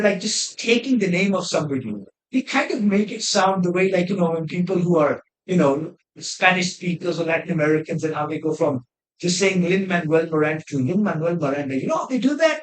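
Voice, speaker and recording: A man reviewing a trailer in rambling, opinionated commentary, often exasperated and full of asides. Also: high-pitched. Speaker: film reviewer. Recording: echoey room.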